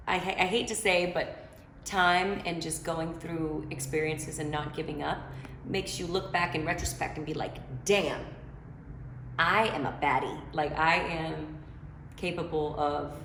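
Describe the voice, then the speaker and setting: A woman's voice: low-pitched, vocal fry, fairly bright tone, roomy sound, slight background noise. A woman singer chatting from home as she answers fan questions, loose and slangy with plenty of filler. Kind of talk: casual chat. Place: her home.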